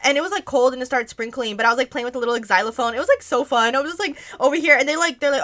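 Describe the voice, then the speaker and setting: A woman's voice: high voice, rapid-fire, few pauses, fairly bright tone. A young adult woman streamer telling a story in casual chat, rambling with constant "like" fillers and frequent swearing. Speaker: streamer answering viewer questions.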